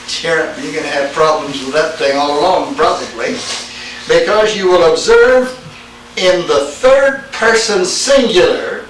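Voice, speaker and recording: A man teaching a Greek class, lecturing slowly and quizzing his students as he goes. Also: fairly high pitch, fairly bright tone. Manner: slow, deliberate, asks the class questions. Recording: echoey room, speaker far from mic, faint hiss.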